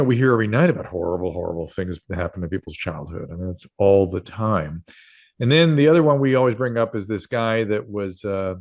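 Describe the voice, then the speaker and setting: An older man in his sixties, a doctor and radio host, telling stories as an interview guest in a rambling way, with many fillers and restarts. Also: sits low. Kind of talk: casual interview storytelling.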